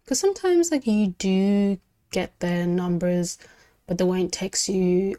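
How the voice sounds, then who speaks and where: A young woman telling a storytime on her podcast. Her voice sits at a middle pitch with a soft, mellow tone, and she talks in a loose, chatty way, filling her sentences with "like" and sometimes dropping to a whisper. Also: a little slow. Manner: chatty, heavy use of "like", drops into whispers. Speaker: podcast host. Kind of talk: casual storytime.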